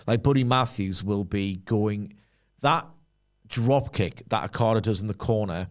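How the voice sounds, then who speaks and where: A man co-hosting a wrestling podcast, rambling and jokey with quick asides. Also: fairly low pitch. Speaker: podcast co-host. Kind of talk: casual chat.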